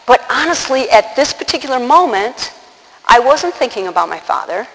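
A woman telling a personal story to an audience, animated, acting out the quotes and laughing often. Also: high-pitched, moderate pace. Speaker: religious speaker. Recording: long hall reverb, faint noise.

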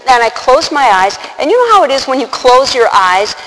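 A woman telling a personal story to an audience, animated, acting out the quotes and laughing often. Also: sits high, fairly quick. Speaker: religious speaker. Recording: long hall reverb, faint noise.

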